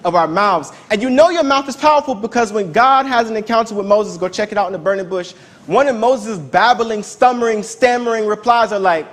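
A man with a notably high voice delivers a sermon in a loose, conversational style. He leans on repetition for emphasis, speaking as if chatting with his congregation. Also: fairly quick, a bit bright. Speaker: preacher.

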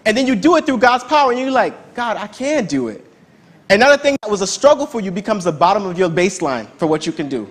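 A preacher with a strikingly high voice gives a sermon in a relaxed, talky way, as though chatting with his congregation. He repeats himself for emphasis, speaks quickly with lively intonation, and barely pauses.

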